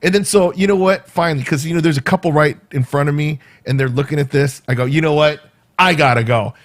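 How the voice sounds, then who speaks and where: A man's voice: on the high side, fast. Man telling a rambling story. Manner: rambling, animated retelling with quoted asides. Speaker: vlogger. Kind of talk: casual storytelling vlog.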